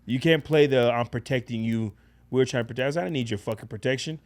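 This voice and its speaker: A man casually telling a personal story in a blunt, profane, animated way as a podcast guest. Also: medium pitch, quick pace.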